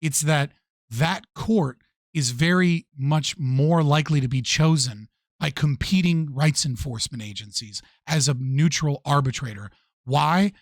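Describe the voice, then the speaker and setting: A man's voice: fairly high pitch, unhurried, dry recording, clean studio sound. A man streaming live commentary on a debate clip, blunt, profane and exasperated.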